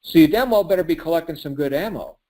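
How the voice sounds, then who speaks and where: A motivational sales speaker gives a pep talk on a call, punchy and preachy, posing questions and answering them himself while laughing often. His slightly high, expressive voice is fast and a little mellow.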